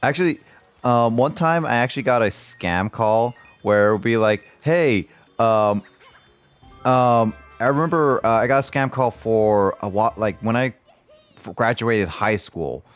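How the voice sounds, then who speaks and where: A man's voice: medium pitch, a little slow, soft background music. A man hosting a livestream, chatting casually with friends in a rambling way, full of restarts and fillers. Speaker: livestream host. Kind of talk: casual chat among friends.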